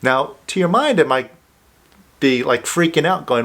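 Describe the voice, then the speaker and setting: A man calmly guiding the listener through a self-help exercise, speaking step by step as a coach. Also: fairly high pitch. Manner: slow, calm, coaching listener through steps.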